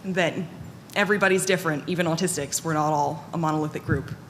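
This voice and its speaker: A woman's voice: low-pitched, fairly even intonation, fast talker. A woman giving a candid, self-deprecating talk to a conference audience, with many fillers and restarts. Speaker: conference panel speaker. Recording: long hall reverb, faint room noise.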